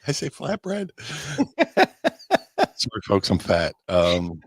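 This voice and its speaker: A man's voice: fairly low pitch, wildly swooping pitch, very slow, long pauses, husky, no room sound. A middle-aged man co-hosting a live wrestling chat show, telling rambling self-deprecating road stories. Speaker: podcast co-host, former wrestler. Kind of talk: casual storytelling chat. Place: home studio on a live stream.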